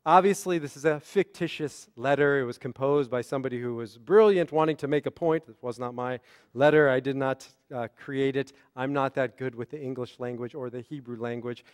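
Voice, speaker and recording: A man's voice: medium pitch, a little fast, smooth. A man, a rabbi, preaching a sermon in a conversational way, often checking in with the congregation. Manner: conversational, often asks "right?".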